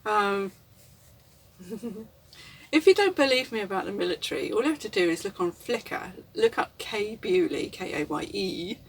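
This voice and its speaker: A woman's voice: mid-range voice, expressive, brisk, vocal fry, few pauses, recorded from a distance, a little hiss or hum. A woman, rambling reflectively and candidly in a casual vlog, often chuckling. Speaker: vlogger. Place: inside a camper van.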